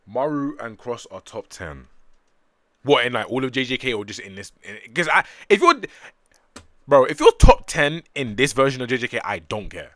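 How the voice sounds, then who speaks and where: A man reading a manga aloud on a stream, joking and chatting between panels with animated bursts. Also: medium pitch, normal speed, no room sound. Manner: animated, jokey, breaks into loud excited bursts.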